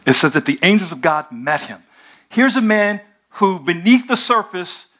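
A male pastor preaching a sermon, retelling a story in a conversational, animated way. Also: high voice, moderate pace.

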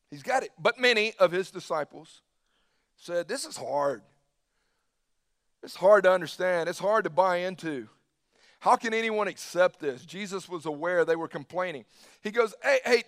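Male pastor, high voice, dry close sound, emphatic sermon with casual slang. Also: a bit bright, no echo. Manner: emphatic preaching, acting out Jesus's words with casual slang.

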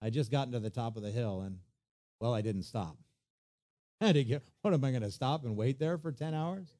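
Man preaching a lively, conversational sermon. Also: medium pitch, a little fast. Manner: conversational preaching, lively swings between loud emphasis and quiet asides. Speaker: pastor.

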